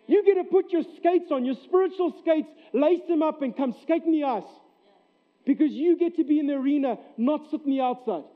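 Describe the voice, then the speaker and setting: Male pastor, high voice, emphatic sermon delivery, tinny lo-fi recording. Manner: earnest, emphatic preaching with repeated phrases. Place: church sanctuary. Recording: tinny narrow-band recording.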